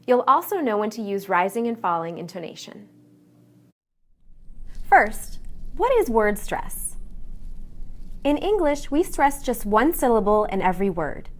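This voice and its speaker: A woman teaching English pronunciation in a clear, deliberate, scripted lesson narration. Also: a little high, sing-song. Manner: clear, deliberate teaching delivery with modeled stress patterns.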